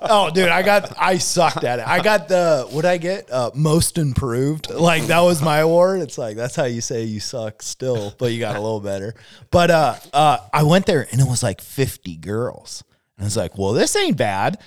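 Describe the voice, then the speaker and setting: A man's voice: fairly high pitch, animated, moderate pace, no echo, clean studio sound. A man co-hosting a casual podcast, telling rambling, profane anecdotes. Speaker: podcast co-host.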